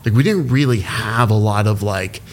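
A man being interviewed as an entrepreneur guest, speaking emotionally and haltingly with lots of fillers. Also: lowish voice. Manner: halting, heavy use of "like" fillers.

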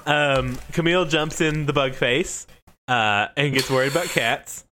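A man co-hosting a casual chat, laughing often, swearing, and trading quick banter. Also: mid-range voice, sharp tone, a little hiss or hum. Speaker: podcast co-host. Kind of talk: casual chat recapping an anime.

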